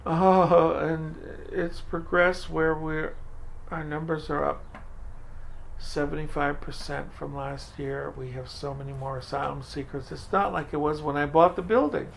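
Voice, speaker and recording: Older man, interview storyteller, gravelly, acts out conversations, slight background hiss. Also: fairly high pitch, fairly even intonation, a little slow. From Franco-American, from Maine. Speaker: food pantry director. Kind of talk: oral history interview.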